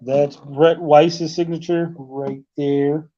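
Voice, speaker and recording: A man's voice: a little high, slow pace, muffled recording, slight background noise. A man talking over a video call from a hotel room, telling a story in casual chat with lots of swearing and acting out other people's lines. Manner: animated, profane, acts out others' lines. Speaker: podcast host.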